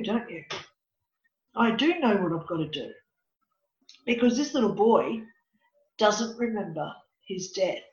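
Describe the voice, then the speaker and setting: Woman medium, echoey lo-fi sound. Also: mid-range voice. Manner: animated, dramatic storytelling. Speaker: psychic medium and counsellor. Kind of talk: storytelling in an interview. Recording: echoey, dull lo-fi room.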